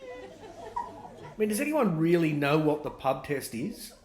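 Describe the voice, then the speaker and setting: A man's voice: fairly high pitch, very animated, moderate pace, a little mellow, reverberant, some chatter behind, a little hiss or hum. Dry Australian man doing stand-up. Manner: dry, sardonic storytelling. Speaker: stand-up comedian. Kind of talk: stand-up comedy routine.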